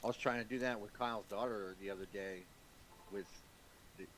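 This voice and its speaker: A man's voice: lowish voice, steady tone, a little fast, a bit bright, slight background noise, poor audio. A man chatting casually over a game, rambling with lots of fillers and frequent laughs. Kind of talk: casual chat while gaming.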